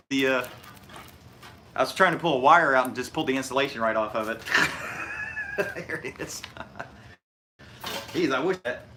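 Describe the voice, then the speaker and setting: A man's voice: mid-range voice, noisy background. A middle-aged man with a Hoosier accent from Indiana, chatting casually on his live stream while he works, folksy and rambling with frequent chuckles. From Indiana, USA.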